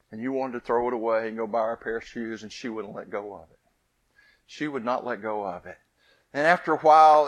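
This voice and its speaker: A man preaching a sermon, telling a family story with lively rises and soft, hushed endings. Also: mid-range voice, no room sound.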